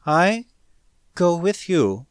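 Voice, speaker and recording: A man voicing a mysterious catlike alien woman who speaks slowly in broken, hushed phrases. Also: high voice, big pitch swings, clean tone, dry recording, clean studio sound, pitched above the performer's own voice, heavily acted. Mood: halting, hushed. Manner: halting broken speech, slow and hushed.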